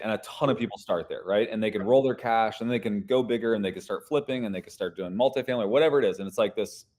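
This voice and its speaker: A man's voice: fairly low pitch, darkish tone. A man talking as a podcast guest, explaining business ideas in an emphatic, teaching way. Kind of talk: casual interview talk.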